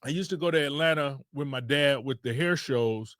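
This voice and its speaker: A man's voice: medium pitch, normal speed, fairly bright tone, dry recording, studio quality. A man from Detroit, a podcast host, telling a casual rambling story with loose restarts.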